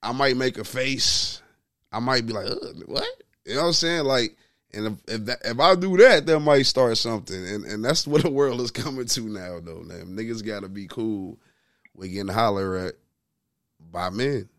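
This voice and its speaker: A man's voice: mid-range voice, normal speed, a bit bright, no echo, studio quality. A man in his thirties co-hosting a podcast, telling a story in casual chat, full of slang and repeating "you know what I'm saying". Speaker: podcast co-host.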